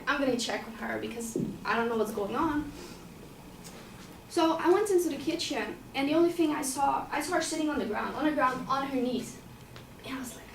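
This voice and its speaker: Her voice is high-pitched as she recounts something that happened to her, plain-spoken and casual, circling back over points and occasionally cursing. The background is noisy, and the far-off mic picks up a roomy, faintly ambient sound.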